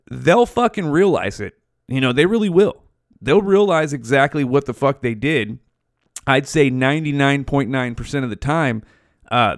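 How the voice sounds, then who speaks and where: Male podcast host, mid-pitch, loose profane rant full of tangents, dry close recording. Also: no echo. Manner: profane, rambling, goes off on tangents. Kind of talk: casual solo podcast rant.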